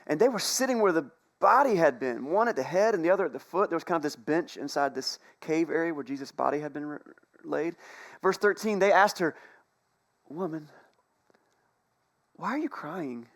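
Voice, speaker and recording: High-voiced man preaching a lively sermon. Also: a little fast. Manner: conversational, animated storytelling with playful asides. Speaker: pastor. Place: church sanctuary.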